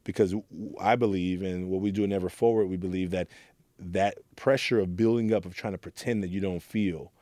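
A man's voice: fairly low pitch, warm tone, no room sound. A man from Oakland, telling his story as an interview guest in an earnest, reflective way and sometimes acting out the voices he quotes. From Oakland, California. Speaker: guest, youth mentor.

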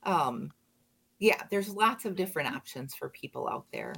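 A woman, a radio guest explaining care options in a measured way with frequent ums. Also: low-pitched, wildly swooping pitch, creaky, fairly bright tone, slight background noise. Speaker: manager of a disability and aging resource center. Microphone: studio microphone.

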